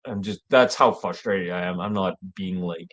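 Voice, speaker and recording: A man's voice: low voice, normal speed, fairly bright tone. A man hosting his own show, rambling and joking with heavy swearing. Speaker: show host. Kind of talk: casual rambling monologue.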